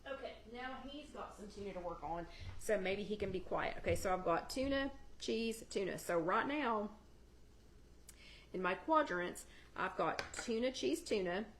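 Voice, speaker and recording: A woman's voice: medium pitch, expressive, normal speed, a little hiss or hum. A woman chats her way through a cooking demo on a livestream. Her voice sits in a middle register, and she answers viewers' comments as she goes. It sounds like a home kitchen. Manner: chatty, talks to viewers in the live chat by name. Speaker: host of a live weight-loss chat.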